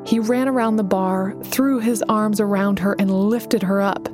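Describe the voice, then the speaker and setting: A woman narrating a novel in a gentle, even storytelling voice. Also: mid-range voice, measured pace, music in the background. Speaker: audiobook narrator. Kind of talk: scripted narration.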